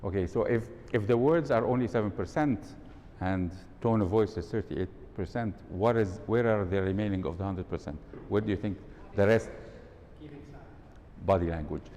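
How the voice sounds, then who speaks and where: A man's voice: moderate pace, mellow. Man giving a workshop talk in a hall. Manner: interactive, quizzes the audience; demonstrates tones of voice. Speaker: workshop speaker. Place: event hall. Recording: long hall reverb, faint rumble.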